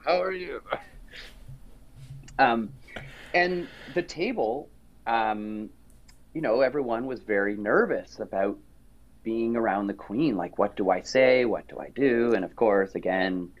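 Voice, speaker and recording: A middle-aged man, a singer being interviewed, telling stories in a lively way and acting out other people's lines. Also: fairly low pitch, unhurried, highs cut off. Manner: lively, acts out quoted voices, frequent restarts. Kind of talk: animated storytelling interview chat.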